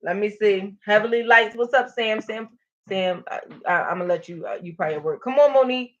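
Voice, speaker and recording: Woman live-stream host, bright and energetic, cheering viewers on; slightly muffled stream audio. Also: medium pitch, fairly quick. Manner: energetic, encouraging, calls out to viewers. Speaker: motivational livestream host. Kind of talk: live-stream pep talk reading comments.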